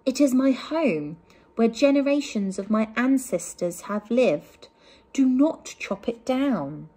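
A woman's voice: animated, slow, dark tone, husky, exaggerated voice. Woman doing a hissing solemn snake. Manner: hissing, low. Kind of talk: picture-book reading for children.

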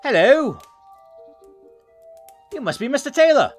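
A man's voice: extremely high pitch, sing-song, a little slow, faint music behind, voice pushed up, exaggerated voice. A man voicing an eager, politely persuasive young debt collector with an overly formal manner, reading game dialogue. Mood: courteous.

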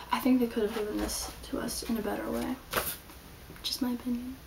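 A young woman chatting casually in a video diary, rambling with lots of "like" as she tells her week. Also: on the high side. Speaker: student vlogger. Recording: slightly distant mic, faint background hiss.

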